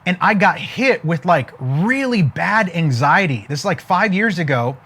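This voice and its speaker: A man around forty giving an energetic motivational talk, throwing rhetorical questions at his listeners. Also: high voice, unhurried, husky. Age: 40s. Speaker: motivational speaker.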